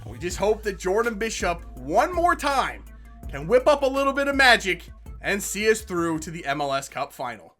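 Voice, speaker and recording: A man narrates his own football video game match as he plays it. His voice is bright and edgy, and his pitch swings widely, dropping to low frustrated mutters before he shouts out at big moments. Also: moderate pace, faint music behind. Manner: excitable, shouts at goals and bad calls; frustrated muttering between outbursts. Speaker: gaming YouTuber. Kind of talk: live gameplay commentary.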